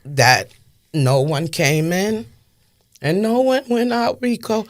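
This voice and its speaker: A woman's voice: on the low side, sing-song, slow pace. A woman in her fifties from Brooklyn with a New York accent, speaking with impassioned, emphatic testimony in an interview and repeating phrases for stress. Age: 50s. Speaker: interview guest.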